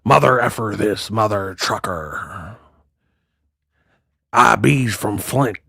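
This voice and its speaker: A man voicing a brash, boastful female pirate who growls and cusses in drawn-out pirate talk. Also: fairly low pitch, animated, gravelly, sharp tone, slightly rough, dry recording, studio quality, pitched below the performer's own voice, full character voice. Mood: mock gruff.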